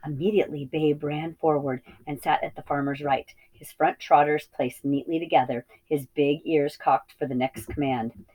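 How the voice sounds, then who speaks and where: A woman with a low voice reads a children's novel aloud, teacher-style, at a steady pace. She now and then stumbles on a word and corrects herself. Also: moderate pace, rough recording. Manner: steady reading with small slips and self-corrections. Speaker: reading teacher. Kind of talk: storybook read-aloud.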